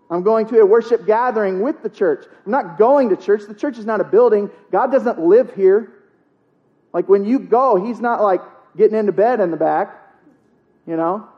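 Man, pastor, high-pitched, casual preaching with punchy repetition, muffled recording. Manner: conversational preaching with jokes and emphatic repetition. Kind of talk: sermon.

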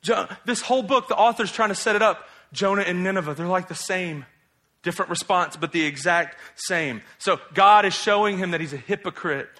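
A man delivers a sermon in a loose, conversational way, asking his listeners rhetorical questions. His voice sits a little high and sounds bright. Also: brisk. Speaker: preacher. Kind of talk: expository sermon.

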